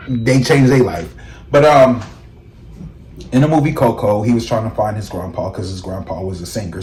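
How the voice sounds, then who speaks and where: Man, casual storyteller, animated, laughs often, roomy echo, mid pitch. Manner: animated, laughs, acts out quoted voices in high shrieks. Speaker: tarot reader and vlog host. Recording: echoey room.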